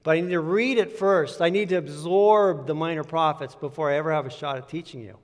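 Man, pastor, sermon, earnest conversational preaching, emphatic repetition, fairly high voice, long hall reverb. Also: fairly even intonation, brisk.

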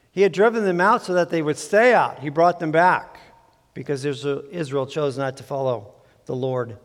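A man preaching a sermon as pastor, measured, slowing down to stress key phrases. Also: on the high side. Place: church sanctuary. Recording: long reverb of a church hall.

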